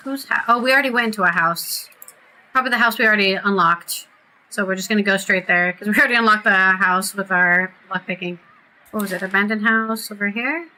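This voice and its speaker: A woman's voice: medium pitch, brisk, sharp tone. A woman streamer giving chatty let's-play commentary, reading quest text aloud and reacting as she plays. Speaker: gaming streamer.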